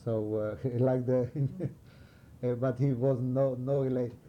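An older man from Romania in an oral history interview, telling wartime stories haltingly as he searches for words, with some animated moments. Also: mid-range voice, dull audio, slight background noise. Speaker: interviewee recalling wartime past.

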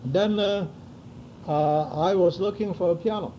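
Older man, oral history interview, acts out dialogue, high voice, faint hiss. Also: a little slow, mellow, muffled recording. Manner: vivid storytelling, acting out dialogue. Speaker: interviewee recounting wartime memories.

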